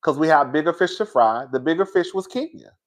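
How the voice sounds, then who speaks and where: A man hosting a casual reality TV review, talking in an animated, sassy way with frequent laughs and calling his viewers "girl.". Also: on the high side, a little fast. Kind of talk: casual opinionated commentary.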